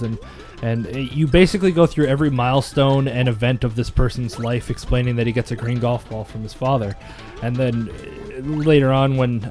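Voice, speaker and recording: A man's voice: medium pitch, darkish tone. A man co-hosting a casual gaming video, rambling through long jokes and laughing at his own punchlines. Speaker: let's play co-host.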